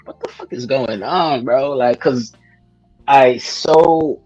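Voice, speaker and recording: Husky-voiced man telling a rambling story. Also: mid-range voice, slow, darkish tone, dull audio, faint music behind. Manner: rambling, laughs often, slangy storytelling. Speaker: podcast host telling a story. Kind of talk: casual chat.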